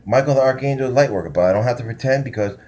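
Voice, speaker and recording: A self-styled spiritual teacher with a mid-range, darkish voice rattles off a loose, profane monologue at rapid-fire speed. He drifts between topics, restarts often, and rants in a conspiratorial tone.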